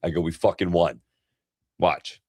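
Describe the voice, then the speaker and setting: A man co-hosting an advice podcast, telling stories in an animated way, swearing and calling people bro. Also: sits low, a little slow, a loud crowd. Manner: animated storyteller, swears a lot, says "bro". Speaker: podcast co-host. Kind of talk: casual chat.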